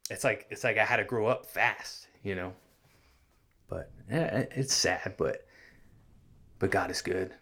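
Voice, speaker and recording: A man from California, earnestly recounting his own hard childhood as an interview guest, halting and restarting often. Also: on the low side, fairly bright tone, breathy edge. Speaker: guest sharing his life story. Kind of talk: personal storytelling in an interview.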